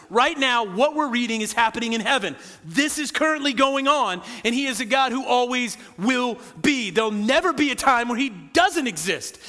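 Male pastor, high and bright-toned, animated sermon delivery with quick asides, long church reverb. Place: church sanctuary.

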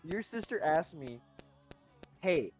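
A young man co-hosting a podcast casually tells a long, rambling story, swearing and mimicking other people's voices when he quotes them. His voice sits on the high side and is very animated but slow, with soft music in the background.

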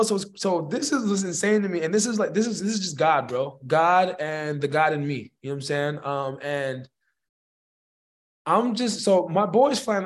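A man, a musician guest, telling a story in a slangy, rambling and animated way. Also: on the high side. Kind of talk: casual storytelling.

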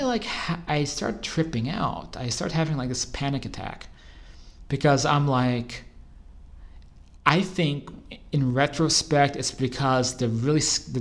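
A man telling a personal story in casual first person, rambling and correcting himself as he goes. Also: medium pitch. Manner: rambling, self-correcting, trails off and restarts mid-thought. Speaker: storyteller recounting a personal experience.

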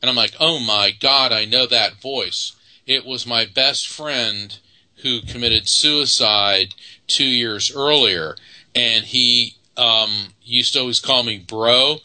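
A man's voice: medium pitch, slow, sharp tone, rough recording. A man, a psychic guest from Florida, telling stories earnestly in an interview with many fillers. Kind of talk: storytelling in an interview.

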